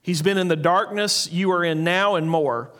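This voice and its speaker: A man preaching a sermon in an earnest way, slowing down and repeating key lines for emphasis. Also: sits high, fairly bright tone. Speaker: pastor.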